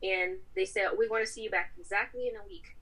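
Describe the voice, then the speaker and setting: A woman's voice: medium pitch, brisk, poor audio. A woman guest on a podcast, telling a personal story in casual talk and acting out the people she quotes. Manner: animated, acts out quoted voices.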